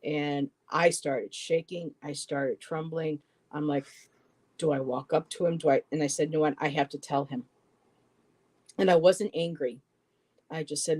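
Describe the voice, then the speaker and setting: A middle-aged man telling a personal story in a halting way, repeating words and quoting what others said. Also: a little high, little pitch movement, dark tone. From western New York, US. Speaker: poetry show co-host.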